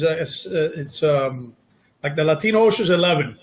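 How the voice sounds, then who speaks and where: A man's voice: a little high, animated, normal speed. A middle-aged man, an actor guest in an interview, telling stories in a casual, self-deprecating, joking way.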